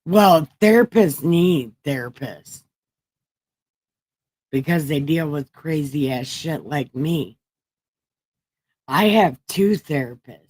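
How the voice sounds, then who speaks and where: A woman's voice: low-pitched, animated, slow, pauses often, a little mellow, dry recording. A woman hosting a casual livestream, reading scripture in a rambling, profane, self-mocking way. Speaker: livestream host.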